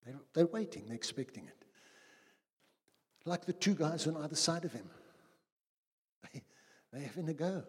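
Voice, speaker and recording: A man preaching a sermon as pastor, dramatic, slowing for quotes and quickening in anecdotes. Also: mid-range voice. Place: church hall. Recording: husky voice in a long-reverb church hall.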